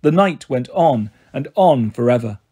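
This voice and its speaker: Male audiobook reader, steady, breathy tone. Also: medium pitch, unhurried. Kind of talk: storybook narration.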